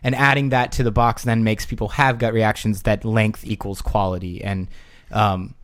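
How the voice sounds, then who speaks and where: A man's voice: lowish voice, level tone, normal speed, a bit bright, no echo. A male podcast co-host in casual panel chat, argumentative and fond of analogies.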